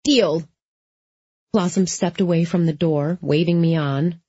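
A woman's voice: on the low side, fairly even intonation, normal speed, mellow, husky, dry recording. A woman narrating a first-person audiobook in a dry, wry storytelling manner, close to the mic. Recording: slightly dull lo-fi.

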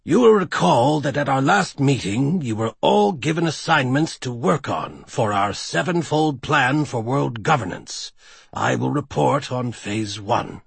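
A man voicing a calm, scheming male villain leader in an audiobook, speaking low, quiet and measured. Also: creaky, husky, dry recording, heavily acted. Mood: lecturing.

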